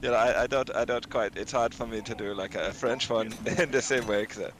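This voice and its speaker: A man's voice: medium pitch, steady tone, brisk, noisy background. A man chatting casually on a developer stream, hesitant and self-deprecating, laughing between restarts. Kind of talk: casual chat.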